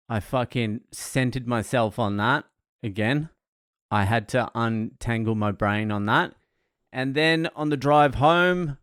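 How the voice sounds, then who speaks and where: Man, sweary self-mocking vlog rant, smooth clear voice, dry close sound. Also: medium pitch, no room sound. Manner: sweary, ranting, laughs at himself. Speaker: comedian and first aid trainer. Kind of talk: casual vlog monologue.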